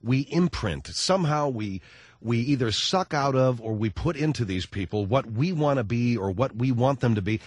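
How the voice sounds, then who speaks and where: A middle-aged man hosting a comedic talk radio show, rambling in a sarcastic, animated monologue. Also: medium pitch, normal speed, slightly rough, dry recording.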